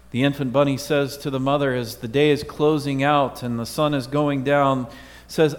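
A man preaching a sermon as pastor, telling stories and dropping his voice slowly for emphasis. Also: medium pitch, fairly even intonation. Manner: storytelling with emphatic slow drops. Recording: echoey hall.

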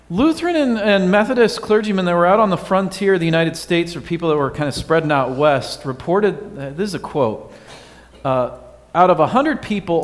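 A man's voice: fairly high pitch, slight background noise. A male pastor giving a conversational sermon, quizzing his congregation with a light, joking manner. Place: church sanctuary. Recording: long hall reverb.

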